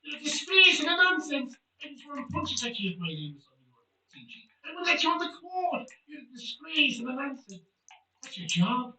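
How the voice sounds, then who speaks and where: A stern, scornful football pundit, as a man impersonates him, berating someone in short, clipped, repeated phrases. The tone is bright and cutting, and the recording sounds roomy and distant. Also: extremely high pitch, big pitch swings, brisk, pitched above the performer's own voice, full character voice. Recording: roomy, distant mic, faint noise.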